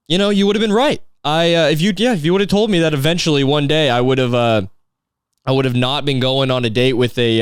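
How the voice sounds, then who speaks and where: A man's voice: mid-range voice, clear, resonant tone, no room sound, clean studio sound. A young man hosting a podcast, rambling in a casual, profane comedic rant full of fillers and restarts. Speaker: podcast host.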